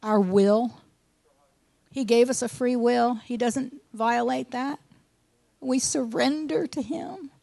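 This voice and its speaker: A woman's voice: fairly high pitch, slow pace, vocal fry, warm tone, no echo. A woman teaching a sermon, reading scripture with emphasis and mixing in earnest, folksy asides. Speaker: Bible teacher.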